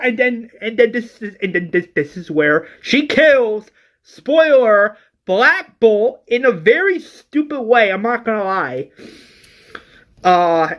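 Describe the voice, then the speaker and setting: A man giving a casual, exasperated movie review, animated and full of restarts and hesitations. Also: extremely high pitch, dull audio.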